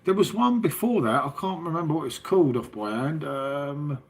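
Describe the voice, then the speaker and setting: A livestream host from southern England rambles casually with his live chat, sprinkling in tag questions and "mate." His voice is a little high and animated, at a moderate pace.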